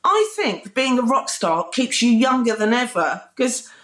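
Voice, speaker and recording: A British woman, a former music TV presenter, telling lively anecdotes with frequent laughter in a casual interview. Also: a little high, a little slow, roomy sound. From Britain. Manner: bubbly, laughing, animated anecdotes with mimicked quotes.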